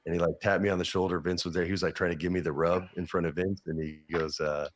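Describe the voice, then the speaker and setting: A podcast guest in his forties, with a low-sitting voice and quick pace, tells profane backstage stories in casual chat. He's animated and acts out the other people's lines.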